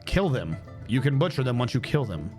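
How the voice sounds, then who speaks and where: Lively man muttering through gameplay. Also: mid-range voice, brisk, over music. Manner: talks to himself while playing, muttering and humming. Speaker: streamer. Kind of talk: casual gameplay commentary.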